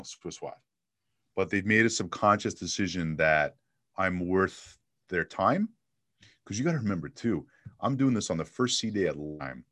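A man talking casually in an interview about selling, an energetic storyteller who acts out little bits of dialogue. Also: sits low, no echo. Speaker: sales trainer and guest.

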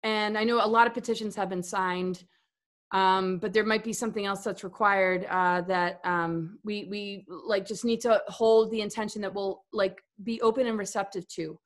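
A woman's voice: medium pitch, fairly even intonation, moderate pace. A woman talking casually about spirituality as a guest in a conversation, earnest and rambling, often restarting and repeating words.

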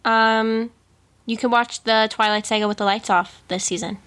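A woman's voice: a little high, steady tone, normal speed, fairly bright tone. A young woman as a podcast guest in casual chat, playful and teasing. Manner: teasing, playful, laughs often.

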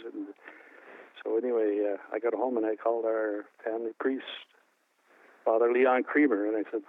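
An older man with a low voice tells a personal story in a halting way, restarting his sentences often. He is from New Brunswick, Canada. The sound is thin and phone-like, with no room echo. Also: flat delivery. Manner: halting, many restarts and fillers. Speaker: interview guest. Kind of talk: emotional personal recollection.

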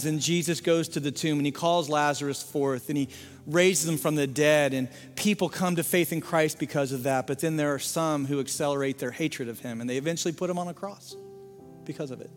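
A man, a lead pastor, preaching a sermon, swinging from hushed quiet passages to loud fervent appeals and sometimes singing a line. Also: a little high, brisk, long reverb tail.

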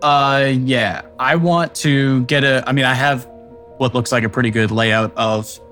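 A man's voice: mid-range voice, steady tone, measured pace, a bit bright, soft background music. A young man playing a tabletop game, talking through his plans in a thoughtful, hedging way. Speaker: player. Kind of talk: casual tabletop game talk.

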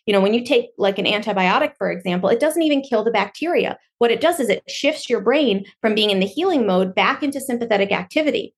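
Animated woman explaining on a podcast. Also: a little high, fast, hardly any pauses. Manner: animated, acts out quoted inner voices. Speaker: podcast guest. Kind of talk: explanatory interview talk.

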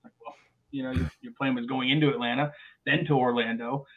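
A male airline pilot, a guest on a podcast, telling stories in a lively way and often restarting his words. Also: medium pitch, brisk. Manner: animated storyteller with frequent restarts and repeated words. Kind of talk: podcast interview chat. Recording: phone-like narrow sound.

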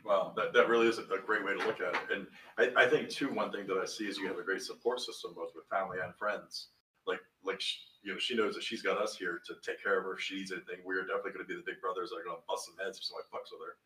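A man hosts a casual chat, heaping earnest praise on his guests and tripping over his own restarts. His voice is low yet bright, and he talks quickly. He sounds a little off-mic, in a room with a lot of echo. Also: steady tone, recorded from a distance. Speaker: podcast host.

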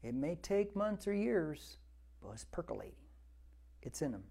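Older pastor guy in his 60s, warm mellow voice, chatty sermon that builds up, repeats stuff for emphasis. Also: a little high, big pitch swings, moderate pace, creaky, slightly rough. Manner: conversational, repeats words for emphasis, builds to fervent exhortation. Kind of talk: verse-by-verse Bible teaching sermon.

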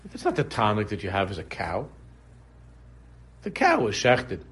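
Husky guy giving a relaxed torah class, keeps repeating himself and wandering into funny examples. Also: fairly low pitch, moderate pace, long pauses. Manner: conversational, repeats phrases, digresses into humorous examples. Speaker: Torah teacher. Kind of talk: casual religious class.

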